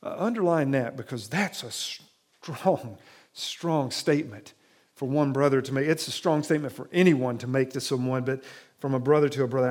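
A man's voice: on the high side, expressive, moderate pace. A man, a pastor, preaching a sermon in a church sanctuary in a conversational way, restarting phrases often and turning dramatic when he quotes scripture.

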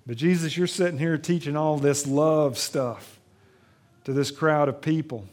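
A man preaching a sermon in a church, retelling a Bible story with dramatic swings between loud emphasis and hushed tenderness. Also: fairly high pitch, fairly even intonation, unhurried. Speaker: pastor.

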